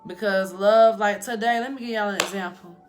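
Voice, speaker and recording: A woman's voice: medium pitch, fairly even intonation, fairly quick, over music. A woman giving a casual motivational talk to her viewers, chatty and storytelling, calling them "y'all". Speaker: spiritual vlogger. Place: home in Colorado.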